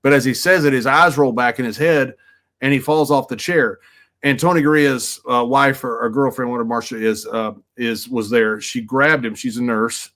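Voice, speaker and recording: A man, a podcast guest, telling a long casual anecdote in a rambling, animated way with crude jokes. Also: mid-range voice.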